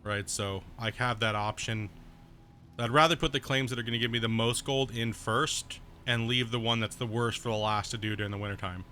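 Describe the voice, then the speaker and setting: A man with a bright, forceful voice talks through his game plan at home, rambling and correcting himself as he goes. His tone is strong and clear over a faint hiss of background noise. It sounds like a casual home stream. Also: fairly even intonation, a little fast. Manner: thinks aloud, rambling and self-correcting; baby-talks to his cat in a high voice.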